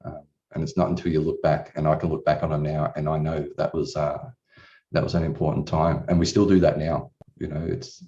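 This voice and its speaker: Talking fairly quickly in a very deep, dark voice with little pitch movement, a client delivers a testimonial. His account of his own story is candid, earnest and emotional, full of casual swearing and restarts. A distant mic gives the recording a dull lo-fi sound.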